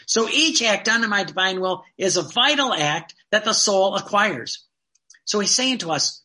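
A religious teacher giving an earnest, fervent sermon-style talk, slowing down to read quoted passages aloud. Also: mid-range voice, sharp tone.

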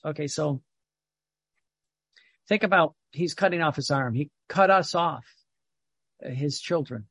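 Husky man giving a rambling devotional talk. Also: on the high side, measured pace, pauses often, a bit bright, no room sound. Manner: rambling, repeats words, stops to read aloud. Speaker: religious teacher. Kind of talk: informal devotional talk with reading.

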